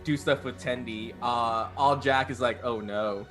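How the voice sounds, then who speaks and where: A man's voice: medium pitch, steady tone, a little slow, fairly bright tone, soft background music. A man playing a tabletop game, bantering and teasing in a joking way. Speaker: player.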